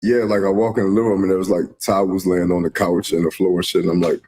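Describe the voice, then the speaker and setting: Deep, dark-voiced man telling a story. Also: little pitch movement, fast, husky. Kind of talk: casual storytelling.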